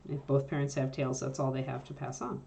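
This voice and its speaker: A woman's voice: very deep voice, flat delivery, a little fast, gravelly, warm tone, a little hiss or hum. A woman hosting a casual livestream, chatty and easygoing, who breaks off now and then to talk to her dog. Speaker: livestream host.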